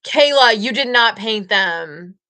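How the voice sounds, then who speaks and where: Woman hosting a live stream from home, chatty and gushing, higher voice, crisp bright tone. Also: takes it slowly. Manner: gushing, excitable, chatty with viewers. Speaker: livestream host. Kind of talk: casual live-stream chat.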